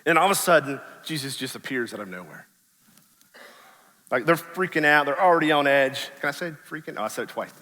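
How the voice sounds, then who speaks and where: A man's voice: a little high, animated, fairly quick, pushed and bright, long reverb tail. A man, a pastor, preaching a sermon in a casual storytelling way, acting out the people in the story. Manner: casual storytelling, acts out quotes in voices. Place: church sanctuary.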